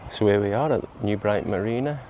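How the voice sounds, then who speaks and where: A middle-aged man, chatting casually in a walking vlog on a seaside promenade, halting with many repeats and fillers. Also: on the low side, mellow. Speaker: vlogger. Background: faint outdoor ambience with traffic and seagulls.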